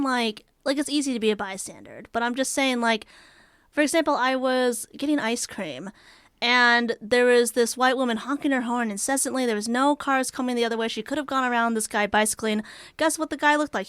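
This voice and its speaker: A woman's voice: a little high, normal speed, clear, resonant tone, dry recording. A woman co-hosting a casual gaming podcast, telling stories animatedly with lots of fillers. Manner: animated storyteller, many fillers. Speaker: podcast co-host. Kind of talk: casual chat.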